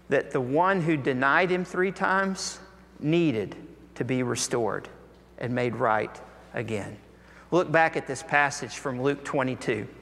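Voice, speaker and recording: A man's voice: a little high, fairly bright tone. A man preaching a sermon, earnest and full of rhetorical questions, his voice rising when he presses a point. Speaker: pastor. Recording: long hall reverb.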